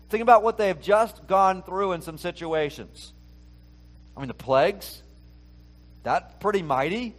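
A man's voice: high voice, measured pace, long pauses. A male pastor preaching a conversational sermon, talking casually and asking the listeners many rhetorical questions.

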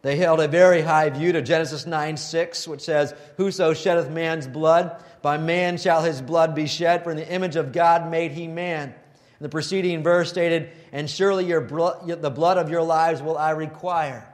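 Earnest preacher man, higher voice. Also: normal speed. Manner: earnest preaching, rising to animated mock voices when quoting scoffers. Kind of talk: sermon.

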